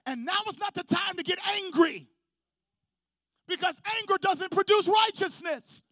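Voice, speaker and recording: A man's voice: extremely high pitch, a little slow, fairly bright tone, dry recording, studio quality. A male pastor preaching a sermon to his congregation, calling for responses and building intensity. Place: church sanctuary with congregation.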